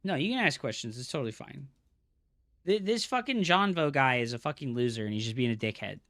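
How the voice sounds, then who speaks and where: A male live game streamer and coach talking straight to his viewers. His voice is bright and pushed forward, and he rants at chat, heavy on swearing and scolding. The sound is dry, with almost no room around it. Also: mid-range voice, expressive, brisk, no echo. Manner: angry profane ranting at chat.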